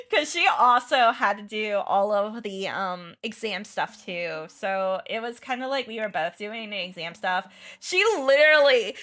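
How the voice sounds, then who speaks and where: A woman's voice: on the high side, pushed and bright. Rambling, laughing young woman streamer. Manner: rambling storytelling with many restarts and laughs. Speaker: art streamer and teacher. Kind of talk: casual livestream chat.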